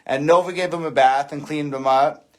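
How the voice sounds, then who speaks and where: Casual rambling man, slightly high voice. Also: steady tone, moderate pace. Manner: rambling and candid, frequent fillers and profanity. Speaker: livestream host. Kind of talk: casual livestream chat.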